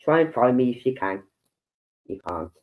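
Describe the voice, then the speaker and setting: A woman's voice: very deep voice, animated, moderate pace, a little hiss or hum. A woman with a Birmingham accent chats with her live audience in a loose, storytelling way. She slips into other people's voices as she retells what they said. The stream audio sounds dull and lo-fi. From Birmingham, England. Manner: chatty storyteller who acts out quoted voices. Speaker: livestream host. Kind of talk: casual chat to a live audience.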